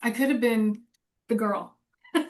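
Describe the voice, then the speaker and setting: A woman's voice: fairly high pitch, fairly even intonation, a little slow. A woman in her forties chatting casually and candidly, rambling and laughing often. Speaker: co-host. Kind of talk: casual chat.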